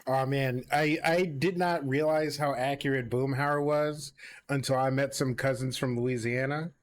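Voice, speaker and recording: Man, co-op game streamer, casual chat, relaxed and matter-of-fact. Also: mid-range voice, a little slow. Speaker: streamer playing co-op.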